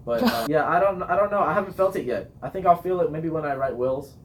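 A teenage boy, a high school marching band student, chatting casually in an interview in a rambling, self-deprecating way. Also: animated, fast talker, noisy background. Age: teens.

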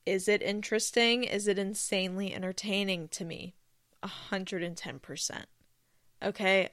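A woman's voice: fairly low pitch, a bit bright, smooth, no echo. A woman hosting her own podcast, chatting casually and rambling off topic while speaking close to a microphone. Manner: rambling, chatty, self-deprecating. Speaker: podcast host. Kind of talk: casual solo podcast chat. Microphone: close studio microphone.

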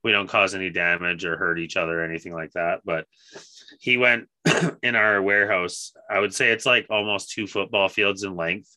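A man's voice: deep voice, normal speed, bright, forceful tone, no echo. A man co-hosting a podcast in casual chat, swearing freely and laughing as he tells stories. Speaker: podcast co-host.

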